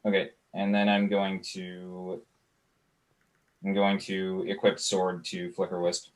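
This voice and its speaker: Low voiced guy at a card table, talking through his plays, lots of ums. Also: monotone, slow pace, a little hiss or hum. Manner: thinks aloud, hesitant, working out plays. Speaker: card game player. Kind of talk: casual tabletop play talk.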